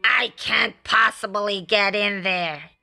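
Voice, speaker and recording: A woman's voice: medium pitch, steady tone, slow pace, gravelly, pushed and bright, faint music behind, exaggerated voice. A woman doing a rude, sniffy rich old man. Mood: haughty. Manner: curt and sniffy.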